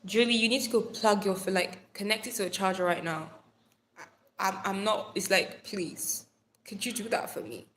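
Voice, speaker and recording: A woman's voice: mid-range voice, fairly even intonation, moderate pace, a bit bright, slight background noise. A young woman hosting a casual live stream from her phone, bubbly and playful, chatting with viewers, calling them darling and swearing now and then. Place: Nigeria.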